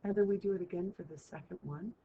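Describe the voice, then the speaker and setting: Talking at a quick pace in a lowish voice, a woman teacher takes students through a math lesson. She chats along and regularly checks in with "right?", heard through a muffled lo-fi recording carrying a faint hiss.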